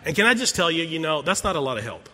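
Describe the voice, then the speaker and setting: Man in his sixties, pastor, conversational sermon, slightly high voice, long hall reverb. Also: big pitch swings, quick pace, sharp tone. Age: 60s. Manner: conversational storytelling with frequent restarts.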